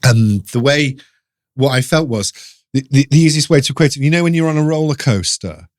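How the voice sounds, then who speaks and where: A middle-aged man telling a ghost story in an interview, animated, laughing often and restarting his sentences. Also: mid-range voice, brisk. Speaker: guest storyteller.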